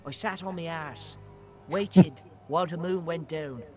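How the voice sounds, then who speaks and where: An actor playing a cheeky, boastful young Irish boy in a game, with a high, boyish, chirpy way of telling tales. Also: measured pace, natural voice. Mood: spooky tale. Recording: game audio with music behind.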